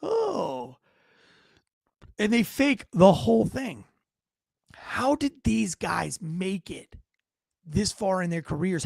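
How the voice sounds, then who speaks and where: A man's voice: extremely high pitch, creaky, dry recording, clean studio sound. A middle-aged man, a former police officer, giving blunt, profane and indignant video commentary.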